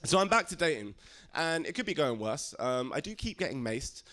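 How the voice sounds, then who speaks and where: A man's voice: fairly high pitch, big pitch swings, normal speed, bright, forceful tone. A man doing a stand-up comedy set in a club, chatty and crude, slipping into put-on voices.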